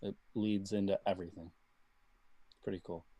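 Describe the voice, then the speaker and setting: A man co-hosting a casual sports podcast, giving quick opinions and reasoning them through. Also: sits low, steady tone, warm tone, no echo, lo-fi sound. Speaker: podcast co-host.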